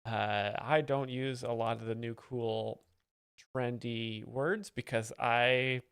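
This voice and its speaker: A man plays a self-important professor of joke explaining, pausing clips to lecture in deadpan. His voice is gravelly and mid-pitched. The recording is close and dry. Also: dry recording. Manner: pompous, self-serious professorial persona. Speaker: comedic joke explainer host. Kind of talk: deadpan mock-expert commentary over clips.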